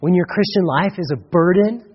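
A man's voice: high-pitched, moderate pace, slightly rough. A man from Colorado preaching a sermon as pastor, conversational and humorous, acting out little dialogues. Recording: dull recording with long hall reverb.

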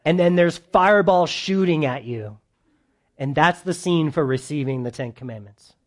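A man preaching a verse-by-verse sermon to a live congregation, animated and joking with them, swinging between loud bursts and soft asides. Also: on the high side, normal speed. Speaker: pastor. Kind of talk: sermon, verse-by-verse Bible teaching.

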